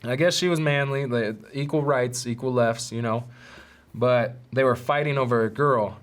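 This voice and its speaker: A man hosting a podcast, telling a story in a casual, animated, profane way with street slang. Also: mid-range voice, normal speed. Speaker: podcast host.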